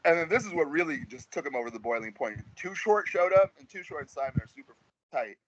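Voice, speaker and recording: Fast-talking slangy rapper, dull lo-fi audio. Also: male voice, on the high side, expressive. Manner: slangy, rambling, laughs through the story. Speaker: guest rapper. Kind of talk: casual storytelling in an interview.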